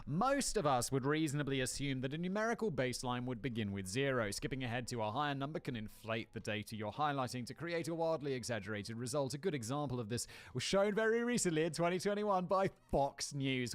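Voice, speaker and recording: A man's voice: mid-range voice, lively intonation, fast, few pauses, dry recording. Sweary, rambling man hosting commentary. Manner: casual, sweary, rambling asides. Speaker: video host. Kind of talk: comedic commentary reading a script.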